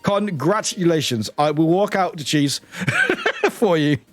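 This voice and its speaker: A tired British man streaming live, chatting in a rambling, excitable way and swearing now and then. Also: on the high side, measured pace, no room sound, faint music behind. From United Kingdom. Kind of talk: casual livestream chat.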